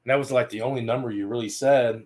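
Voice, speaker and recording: Man, mid-pitched voice, paranormal podcast co-host, chatty recap. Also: steady tone, quick pace, a little mellow. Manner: chatty, filling in details and correcting the other host. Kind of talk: casual recap chat.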